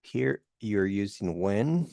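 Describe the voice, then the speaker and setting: A man teaching English grammar online, explaining in a relaxed way with many fillers. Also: fairly low pitch, takes it slowly, creaky, no room sound, low-quality recording. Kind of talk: online test-prep tutoring.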